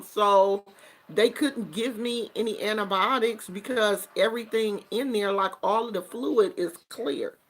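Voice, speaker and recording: A woman hosting a show and telling a story in casual chat, animated and acting out what people said. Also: mid-range voice, unhurried. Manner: animated, acts out quotes. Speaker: host.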